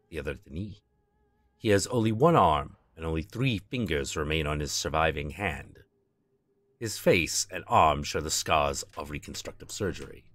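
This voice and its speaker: A man's voice: extremely low pitch, a bit bright. A male streamer reading game text aloud with casual asides, on a close desk mic.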